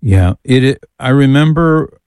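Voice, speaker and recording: Mellow-voiced male radio host. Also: medium pitch, lively intonation, unhurried, clear, resonant tone, dry recording. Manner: easygoing, bantering. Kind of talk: casual call-in radio chat.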